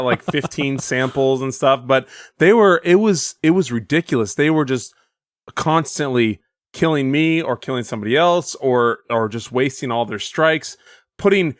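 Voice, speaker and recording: Gaming podcast guy, slightly high voice, rambles and laughs, dry close sound. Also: fairly bright tone, dry recording. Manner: rambling with many restarts and laughs. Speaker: podcast co-host. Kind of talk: casual gaming podcast chat.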